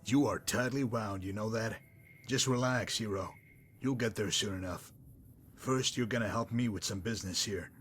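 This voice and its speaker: A man's voice: lowish voice, fairly bright tone, a little hiss or hum, close to an everyday voice. A man voicing a smug sardonic mercenary. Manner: dry, mocking, wordy and unhurried. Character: smug sardonic male messenger-mercenary, adult. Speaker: game character. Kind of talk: voiced game dialogue.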